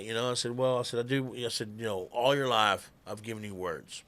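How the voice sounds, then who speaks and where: A man's voice: mid-range voice, fairly even intonation, fairly quick, fairly bright tone. A middle-aged man, telling stories in a chatty, laughing, drawling way. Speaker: guest musician. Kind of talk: casual storytelling.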